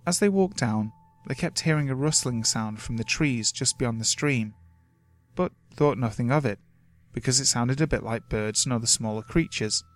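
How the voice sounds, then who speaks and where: A man reading first-person scary stories from the woods as scripted horror narration, steady and measured. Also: medium pitch. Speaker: creepypasta narrator. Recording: faint music underneath.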